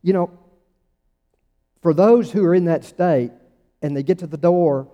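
A man's voice: fairly high pitch, measured pace, mellow, dull audio. Emphatic preacher man in a reverberant church. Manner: emphatic, conversational preaching with rising bursts. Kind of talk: sermon.

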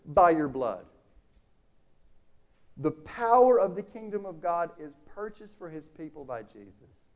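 A man preaching a sermon, casual and animated, acting out the dialogue in the story. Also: high voice, normal speed, dull audio.

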